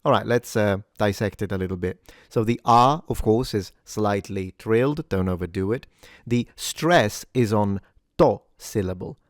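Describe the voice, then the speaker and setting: Low-voiced man teaching pronunciation. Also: no echo, studio quality. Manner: repeats words slowly and carefully, then explains. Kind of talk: scripted pronunciation lesson.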